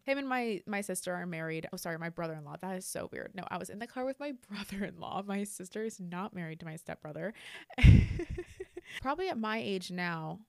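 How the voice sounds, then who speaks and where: A woman in her twenties hosting a solo podcast, talking candidly and swearing freely, and getting animated when she retells a story. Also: lowish voice, smooth, no echo, clean studio sound. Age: 20s. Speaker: podcast host. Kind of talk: casual solo podcast monologue.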